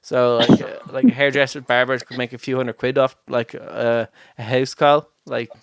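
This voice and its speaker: A man's voice: medium pitch, flat delivery, normal speed, creaky, clean tone. A man hosting a podcast from home, chatting casually with lots of fillers and frequent laughter. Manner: rambling, many fillers, laughs often. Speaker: podcast host. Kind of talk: casual chat.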